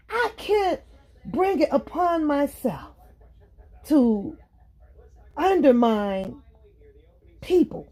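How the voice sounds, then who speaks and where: A woman hosts her own online show in a loose, casual monologue. Her voice sits high, and her delivery is profane and animated, with frequent laughter. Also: very slow, pauses often. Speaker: talk show host.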